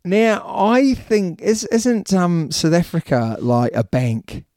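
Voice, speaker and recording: A man's voice: sits high, big pitch swings, slow pace, a little mellow, dry recording, studio quality. A man hosting a casual quiz chat, thinking aloud and guessing hesitantly.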